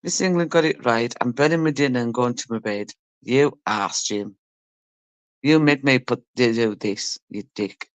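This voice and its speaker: A woman's voice: a bass voice, moderate pace, dry recording. A woman livestreaming, casually chatting with her audience and reading comments, teasing viewers with laughter and the odd swear word. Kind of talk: casual chat with a live audience.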